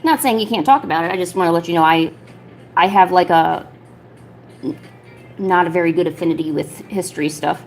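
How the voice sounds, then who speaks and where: A woman in her thirties, chatting casually on a livestream while she sketches, rambling with lots of filler words and cooing softly to her pet. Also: on the low side, brisk, long pauses, faint music behind. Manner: soft, doting talk to her pet. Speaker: artist streamer.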